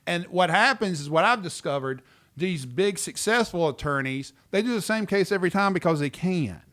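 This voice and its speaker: A man, an attorney co-hosting a casual podcast chat in an animated, joking way, often cutting in. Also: sits high, moderate pace. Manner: animated, jokey, interrupts often.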